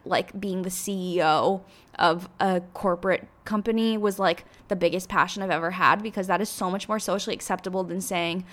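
A woman's voice: on the low side, fairly bright tone. A young woman hosting her own podcast, talking in a rambling, emotional way with many filler words. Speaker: podcast host. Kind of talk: casual solo podcast monologue.

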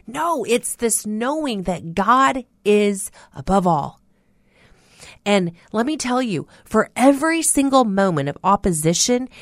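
Slow, earnest woman preaching. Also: mid-range voice, dry recording, clean studio sound. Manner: earnest preaching, animated and emphatic with laughs. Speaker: radio host. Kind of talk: radio devotional talk. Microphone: studio mic.

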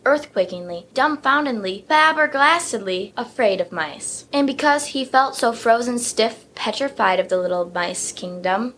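A woman host reading a children's story aloud with expressive, playful storytelling. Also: mid-range voice, a little hiss or hum. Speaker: storybook reader and podcast host.

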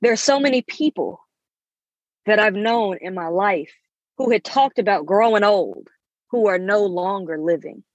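A woman's voice: medium pitch, unhurried, no echo, lo-fi sound. Emphatic woman in her 30s podcasting. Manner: emphatic, preachy, uses endearments. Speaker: podcast host. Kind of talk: motivational podcast monologue.

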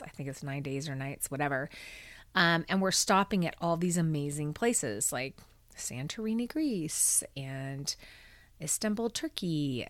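A woman's voice: sits low, dry recording. A middle-aged woman hosting her own podcast, telling a personal story candidly and emotionally, with many fillers. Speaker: podcast host. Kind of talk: personal monologue.

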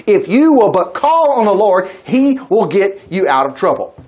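A man preaching, his voice pitched high and swooping all over as he talks. He reads Bible verses slowly, then breaks off into folksy asides and bursts of praise. His delivery stays lively and expressive throughout. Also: dull audio. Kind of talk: sermon reading scripture aloud.

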